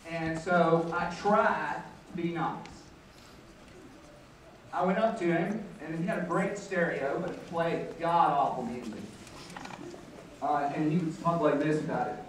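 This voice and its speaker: A man's voice: fairly high pitch, a little hiss or hum. An older man, a teacher, doing a mock-indignant stand-up comedy routine on a school auditorium stage, heard through a distant mic. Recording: echoey hall, distant mic.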